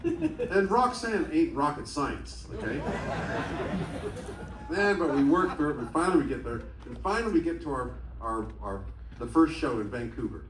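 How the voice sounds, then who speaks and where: A man telling stories to a theatre audience in an animated, comic and profane manner. He is heard through the speakers and recorded by a phone in the crowd. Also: on the high side, normal speed, reverberant, recorded from a distance, slight background noise, rough recording. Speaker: stage storyteller. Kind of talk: solo speaking show. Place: large theatre. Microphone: stage PA, taped on a phone in the audience. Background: faint audience ambience.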